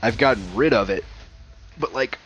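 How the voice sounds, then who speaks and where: A man's voice: mid-range voice, normal speed, fairly bright tone, slight background noise, low-quality recording. A man from the American South chatting casually while gaming. He rambles, filling his speech with "like" and restarting often. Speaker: gamer on a live stream.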